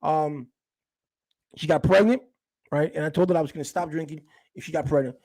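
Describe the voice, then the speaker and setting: A man's voice: on the high side, fairly quick, warm tone, no room sound. A middle-aged man, telling a personal story in a rambling, casual way with many restarts. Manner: rambling, with frequent restarts and quoted dialogue. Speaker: storyteller recounting a past relationship.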